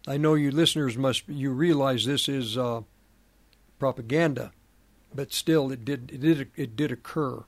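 A middle-aged man hosting a prophecy commentary program, speaking in a slow, halting way with many fillers and restarts. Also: medium pitch, no room sound. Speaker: radio program host.

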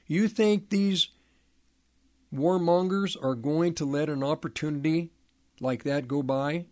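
Slow, emphatic man preaching. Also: on the high side, a little mellow. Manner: halting, repeats and restarts words, emphatic rhetorical questions.

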